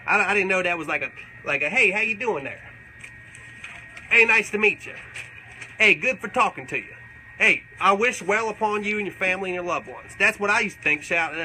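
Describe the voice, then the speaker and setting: On a low-quality recording with a touch of hiss or hum, a man with a high, sharp-toned voice plays a crude, bragging redneck in a comedy livestream. Answering fan questions, he rambles through tall tales and curses nonstop.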